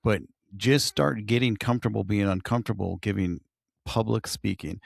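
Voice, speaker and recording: Man, gravelly voice, casual podcast storyteller, dry studio sound. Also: lowish voice, moderate pace, no echo. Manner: storytelling, animated when quoting others. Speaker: podcast co-host, firefighter.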